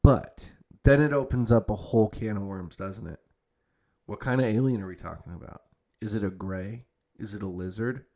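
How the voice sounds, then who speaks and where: Here a young adult podcast host rambles through casual conversation, cursing heavily and leaning on fillers, restarts, and self-corrections. His voice is fairly low and a little mellow, at a moderate pace.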